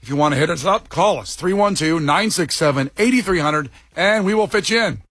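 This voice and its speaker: A man hosting a morning radio show, upbeat and quick, reading out promos and traffic. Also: fairly high pitch, expressive, fairly bright tone, slightly rough, no room sound. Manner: upbeat, quick, reads phone numbers and traffic. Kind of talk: morning radio banter and announcements.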